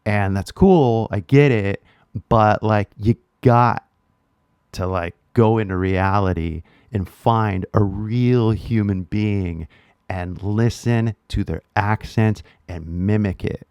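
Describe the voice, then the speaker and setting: A man's voice: lowish voice, takes it slowly, a little mellow, clear, resonant tone, dry recording. A man with a Californian accent teaching English in a casual, slangy way, full of "like" and "right?". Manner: laid-back slangy talk with lots of "like" and "right?". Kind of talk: casual direct-to-camera lesson.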